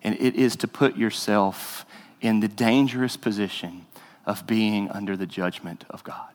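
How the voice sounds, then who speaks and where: A man's voice: on the low side, steady tone, unhurried. A man preaching a sermon as pastor, earnest and conversational, rising to emphasis. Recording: reverberant hall.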